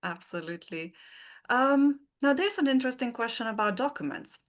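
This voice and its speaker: A woman's voice: a little high, lively intonation, normal speed. A woman moderating an online webinar, reading out audience questions in a friendly way over a video call.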